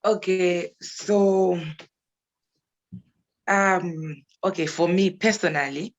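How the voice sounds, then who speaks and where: A young woman, a recent graduate whose first language is English, answering questions in a loose, chatty way. She tells her story with lively asides and laughs often. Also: fairly low pitch, very slow, dull audio. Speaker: graduate guest.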